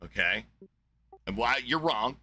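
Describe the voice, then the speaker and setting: A man's voice: mid-range voice, lively intonation, slow, sharp tone, poor audio. A man with a Southern US accent, hosting a heated debate in a brash, profane and mocking way. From Southeast United States. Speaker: debate show host.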